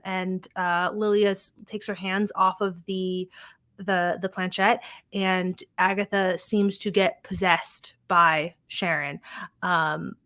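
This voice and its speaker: Give me a chatty woman at a middle pitch recapping a show in a dry, close recording. She swears casually, laughs along, and tosses off quick paraphrased lines from the characters. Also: a bit bright, clean tone, no room sound. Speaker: podcast host recapping a TV episode.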